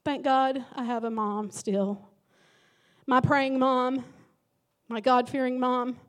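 High-voiced woman pastor preaching. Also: steady tone, takes it slowly. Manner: emotional, dramatic storytelling with sudden loud emphasis. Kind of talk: sermon.

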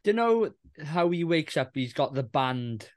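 A man's voice: fairly high pitch, big pitch swings, unhurried, no room sound, clean studio sound. A man co-hosting a casual film chat, rambling and restarting his sentences, laughing as he goes. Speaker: podcast co-host.

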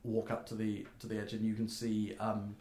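A man narrating as game master of a tabletop game, talking haltingly with many fillers. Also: lowish voice, completely flat delivery, a little mellow, slight background noise. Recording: roomy echo.

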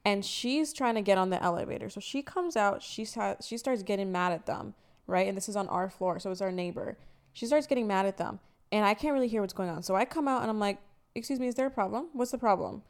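A woman in her twenties co-hosting a podcast, chatting casually and telling animated stories with acted-out quotes. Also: mid-range voice, fast, clear, resonant tone. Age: 20s. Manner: animated storytelling, acts out quotes. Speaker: podcast co-host. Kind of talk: casual chat.

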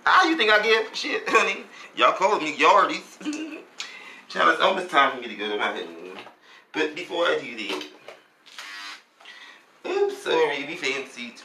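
A man's voice: a little high, sing-song, moderate pace, pauses often, bright, forceful tone, roomy sound, a little hiss or hum, rough recording. A man delivering a sassy, campy comic gossip monologue, laughing often and calling everyone honey and girl.

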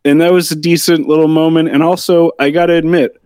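A man's voice: on the high side, brisk, dry recording. Candid man reviewing TV, dry sound. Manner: relaxed, candid, rambling opinions. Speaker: podcast co-host. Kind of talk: casual TV episode review chat.

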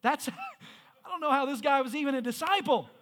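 Male pastor, strikingly high pitch; conversational sermon delivery that builds to emphatic peaks. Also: expressive, moderate pace, a bit bright. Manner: conversational, then rising to emphatic preaching with stumbles.

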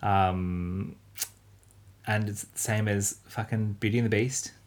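A man's voice: on the low side, fairly even intonation, takes it slowly. A man casually recapping a film, rambling, swearing and acting out quotes. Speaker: podcast co-host.

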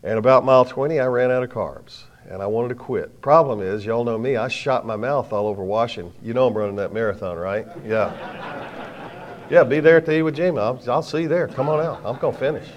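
A middle-aged man preaching a sermon to a live audience, telling stories with self-mocking humor and swinging from quiet asides to loud bursts. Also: mid-range voice, fairly quick, lo-fi sound.

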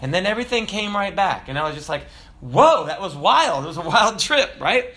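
A man preaching a sermon in a conversational, humorous way, acting out little quotes and slowing down to quote scripture. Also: sits high, lively intonation, bright, forceful tone. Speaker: pastor.

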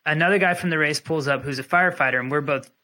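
A young man tells a wild race story on a podcast with a bright, forceful, slightly high voice. He is animated and laughs often, dropping into quick impressions of the people in it. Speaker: podcast host. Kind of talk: casual storytelling.

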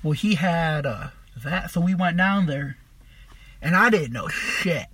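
A young man tells a profane, meandering story, getting animated as he goes. His voice sits high and slightly husky. The sound is dry and close, with no room echo. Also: unhurried. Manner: profane, rambling, animated retelling. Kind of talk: casual storytelling monologue.

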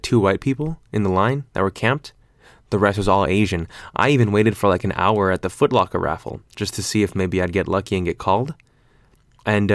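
Low-voiced rambling young man. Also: no room sound, clean studio sound. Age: 20s. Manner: rambling, filler-heavy, loose slang. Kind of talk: casual monologue.

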